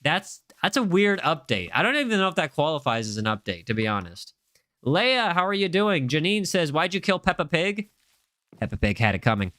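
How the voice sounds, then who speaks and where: A man's voice: on the high side, very animated, brisk, sharp tone, no room sound. A young man live-streaming a game, chatting casually and reading viewer comments aloud with a jokey, rambling manner. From United States. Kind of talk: casual live-stream chat while gaming.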